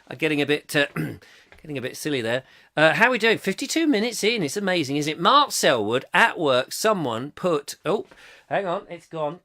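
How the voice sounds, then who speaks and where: A man's voice: on the high side, sing-song, pushed and bright. A middle-aged man hosting a live comic chat show, reading out viewer comments in a playful, rambling way. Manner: playful, rambling, quick to slip into silly voices.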